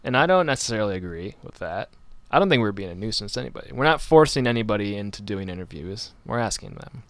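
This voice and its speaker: A man's voice: lowish voice, lively intonation, fast talker, no room sound. A man hosting a casual radio talk show, rambling and joking with many restarts. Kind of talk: casual chat.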